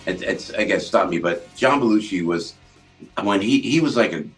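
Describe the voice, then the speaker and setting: An older man with a New Jersey accent, a guest telling animated backstage stories, jumping into character voices as he acts out scenes. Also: moderate pace, faint music behind. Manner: lively, acts out other people's lines with big pitch jumps. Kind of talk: animated storytelling.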